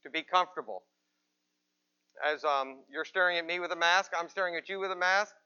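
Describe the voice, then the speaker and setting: A man's voice: a little high, brisk, pushed and bright, smooth, muffled recording. A man pastor giving a conversational sermon in church, asking rhetorical questions of the congregation. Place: church, with people present and some watching remotely.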